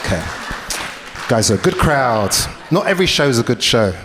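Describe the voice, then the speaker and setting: A man's voice: mid-range voice, moderate pace. A man with a British accent doing a playful stand-up comedy set to a crowd in a comedy club. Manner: animated, playful delivery to a crowd. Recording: echoey club hall with crowd noise.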